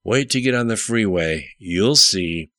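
A man reading an audiobook, voicing a tense, jittery young male hacker with a squeaky, anxious edge. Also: animated, a little slow, bright, forceful tone, dry recording, exaggerated voice. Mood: urgent. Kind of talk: audiobook character voice.

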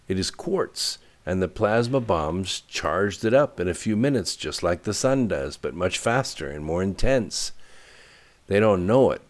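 A man voicing a knowing male engineer in a storybook reading, matter-of-fact and explanatory. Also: low-pitched.

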